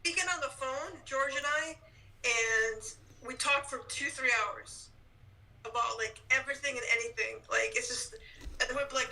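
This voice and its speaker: A man's voice: extremely high pitch, normal speed, creaky, pushed and bright, distant mic, rough recording. A man guesting on a podcast, telling stories in easygoing casual chat. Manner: chatty storyteller, frequent restarts.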